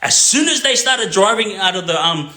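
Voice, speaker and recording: Aussie guy rambling through a gang story, bright punchy voice, keeps going "yeah?", echoey room. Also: high-pitched, lively intonation, moderate pace. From Australia. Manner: rambling, checks in with a constant "yeah?". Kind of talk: casual crime storytelling.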